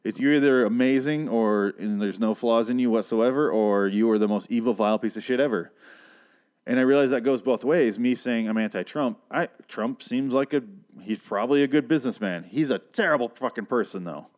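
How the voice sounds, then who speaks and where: A man's voice: mid-range voice, fairly quick, a little mellow. A man from Michigan hosting a podcast, ranting in a rambling, sarcastic and profane casual monologue. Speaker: podcast host.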